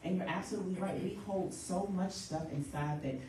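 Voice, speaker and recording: A woman counselor leads a church workshop on grief. Her somewhat low voice carries from a distance through a very echoey room with a faint hiss behind it. She talks in a lively way and keeps acting out short everyday quotes. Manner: lively, acts out quick everyday quotes, laughs often. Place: church hall.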